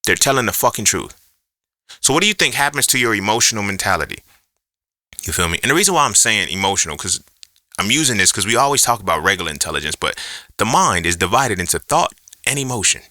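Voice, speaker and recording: A man's voice: fairly low pitch, animated, fast, sharp tone, dry recording, studio quality. A man hosting a podcast alone, ranting in a profane, emphatic way and throwing out rhetorical questions in an unscripted monologue. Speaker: podcast host.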